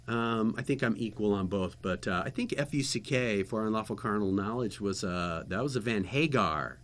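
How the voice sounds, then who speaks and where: A man, a guest and former TV interviewer, telling a lively story in casual chat with laughter. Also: fairly low pitch, moderate pace.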